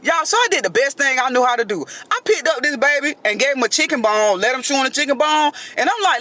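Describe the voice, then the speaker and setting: A woman telling a dramatic story in a casual storytime monologue, animated and keeps addressing her listeners directly. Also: high voice, fairly quick, few pauses.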